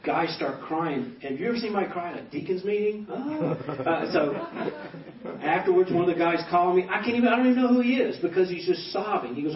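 A man in his fifties, a pastor giving a personal testimony, animated and acting out quoted dialogue as he tells stories. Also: sits high, fairly quick. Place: banquet hall. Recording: echoey hall, distant dull mic.

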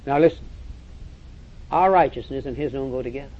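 A man's voice: medium pitch, a little fast. A man preaching a sermon, emphatic and direct, repeating phrases and calling listeners to listen. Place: church or meeting hall with audience. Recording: dull lo-fi recording.

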